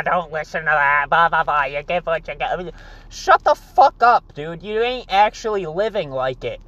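A man's voice: high-pitched, a bit bright, no echo, lo-fi sound. A young man giving an intense, profane motivational rant, repeating himself and saying "dude" a lot. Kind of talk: passionate motivational rant to camera.

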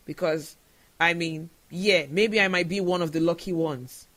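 A man's voice: fairly high pitch, fairly even intonation, a little slow, a bit bright. A man from Nigeria, hosting a solo podcast and talking in an earnest, emotional way. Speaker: show host.

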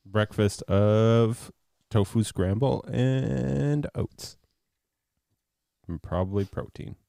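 A man's voice: lowish voice, slow pace, vocal fry, mellow, no echo. A man co-hosting a podcast, chiming in with dry jokes. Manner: dry, joking. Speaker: podcast co-host. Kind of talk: casual chat.

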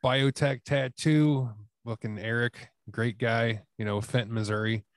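A man's voice: mid-range voice, steady tone, measured pace, dry recording, clean studio sound. A man as a podcast guest, laid-back and swearing freely in casual chat.

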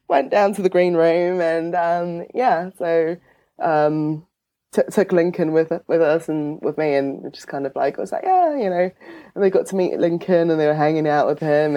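A woman chatting casually as a podcast guest, bubbly, with lots of fillers and laughter. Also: warm tone. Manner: bubbly, swooping pitch, many fillers and laughs. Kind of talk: casual chat.

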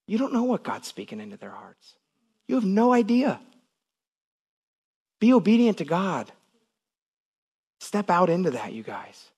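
Animated male pastor preaching. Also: on the high side, slightly rough. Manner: animated, grows loud and then drops soft. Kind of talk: sermon. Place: church.

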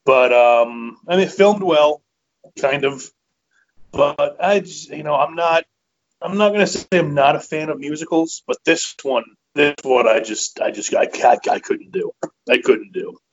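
A man co-hosting a comedy podcast, giving a blunt, halting opinion with some swearing. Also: fairly high pitch, a little hiss or hum. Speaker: podcast co-host. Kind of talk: casual podcast chat. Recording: dull lo-fi sound.

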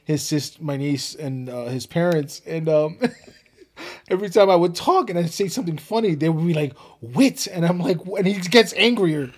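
A man's voice: on the high side, moderate pace. A man co-hosting a podcast in casual chat, playful and teasing. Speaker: podcast co-host.

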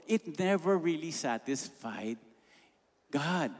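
A man's voice: medium pitch, animated, unhurried, pauses often. A man with a Filipino accent preaching a sermon emphatically, slipping Tagalog phrases into his English. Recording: long reverb of a large hall.

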